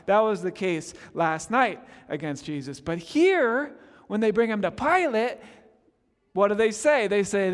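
A man preaching a sermon, animated, acting out the speakers he quotes and often repeating his words. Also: high-pitched, measured pace, long reverb tail.

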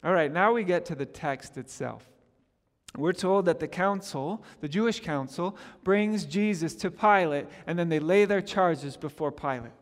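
A man preaching a sermon, animated, acting out the speakers he quotes and often repeating his words. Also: fairly high pitch, moderate pace, big-room sound.

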